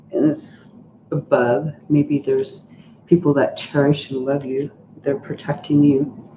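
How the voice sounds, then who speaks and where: A woman talks through a tarot reading in a loose, rambling way, full of fillers and restarts. Her voice is very dark and mellow. It sounds roomy and a little dull, with faint noise behind it. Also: low-pitched. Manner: chatty and rambling, with many "like"s and restarts. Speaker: tarot reader. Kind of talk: casual tarot reading to camera.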